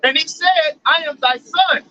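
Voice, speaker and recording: A man reading scripture aloud in a steady voice and answering with quick "yep"s. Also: very high-pitched, a crowd in the background. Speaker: scripture reader. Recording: dull, lo-fi mic with faint noise.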